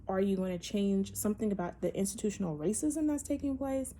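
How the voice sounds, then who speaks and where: A woman's voice: medium pitch, expressive, a little fast, warm tone, a little hiss or hum. A woman hosting a casual opinion monologue, talking emphatically and animatedly, with many fillers and restarts. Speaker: podcast host.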